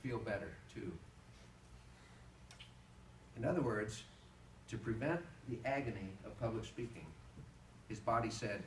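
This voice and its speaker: A man's voice: lowish voice, a little slow, long pauses. A man giving a humorous motivational talk to an audience, telling stories and acting out voices. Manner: animated storytelling, acts out voices. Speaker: public speaker. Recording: echoey hall from far off, noisy.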